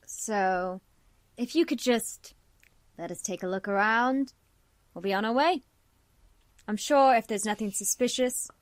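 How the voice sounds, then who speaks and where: A woman voicing a smug male federal agent speaking smoothly and persuasively. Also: on the high side, dry recording, close to an everyday voice.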